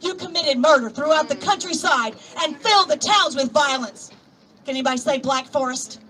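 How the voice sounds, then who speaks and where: High-voiced preachy woman. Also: moderate pace. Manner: preachy, calls out to the crowd, swings between soft asides and shouts. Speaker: rally speaker. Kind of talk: impassioned outdoor rally speech with scripture reading. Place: outdoor plaza at a protest march. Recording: distant outdoor recording with crowd noise. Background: murmuring crowd and street noise.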